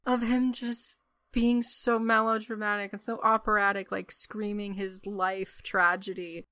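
A woman's voice: mid-range voice, little pitch movement, unhurried, bright, forceful tone, no room sound. A woman co-hosting a casual chat about a film, adding emphatic, frank comments with some swearing. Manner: emphatic, dry asides with swearing. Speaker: podcast co-host.

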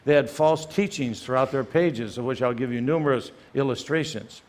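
An older man giving a firm, emphatic lecture as a guest speaker, often pausing with "uh" between phrases. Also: medium pitch, darkish tone. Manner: emphatic, many "uh" fillers, reads quotations aloud. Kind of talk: apologetics lecture.

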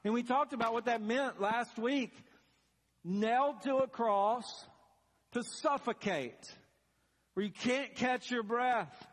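A man's voice: extremely high pitch, takes it slowly. A man preaching a sermon as pastor, telling the story dramatically and building to emphatic peaks. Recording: long reverb of a large hall.

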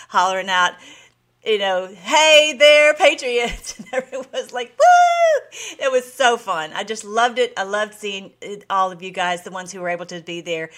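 A woman's voice: mid-range voice, fairly bright tone. A woman hosting her own video blog, chatting casually and bubbly with her viewers and laughing often. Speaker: vlog host.

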